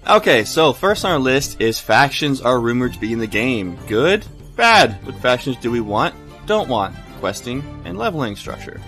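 A man's voice: medium pitch, very animated, normal speed, fairly bright tone, faint music behind. A man hosting a casual podcast, introducing topics and teasing his co-hosts playfully. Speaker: podcast host.

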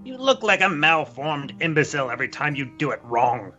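A man's voice: fairly high pitch, big pitch swings, brisk, sharp tone, lo-fi sound, faint music behind. A man voicing a blind, cryptic old moth priest who speaks in ominous rhymes, in an audio drama. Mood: cranky. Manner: cryptic rhyming prophecies, cranky.

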